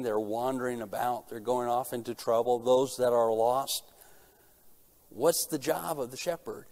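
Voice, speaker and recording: A man's voice: mid-range voice, a little mellow. A middle-aged man preaching a sermon, earnest, asking rhetorical questions and answering them himself. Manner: earnest, rising in intensity at key points. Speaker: pastor.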